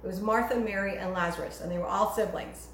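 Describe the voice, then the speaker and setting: A woman with a mid-range voice preaches fast and emphatically, her pitch shooting up as she quotes cries to God. It's recorded in an echoey room with a little background noise.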